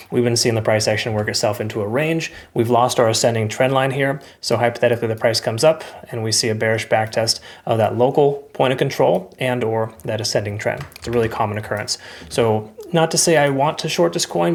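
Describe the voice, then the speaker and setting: A man hosting a crypto market video, casually walking viewers through chart analysis and calling them folks. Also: mid-range voice. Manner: conversational, filler-heavy, addresses viewers as folks.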